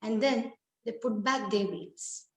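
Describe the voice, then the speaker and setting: A woman narrates a dramatic first-person tale slowly and deliberately. Her voice sits fairly high and she lets each line land. The recording has a roomy echo. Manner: slow, deliberate, expressive telling. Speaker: storyteller. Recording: echoey room.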